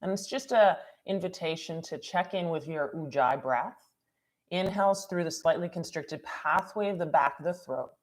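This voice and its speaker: Woman yoga instructor, calm guided cues, lower voice. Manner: calm, unhurried breath cues. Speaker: yoga teacher.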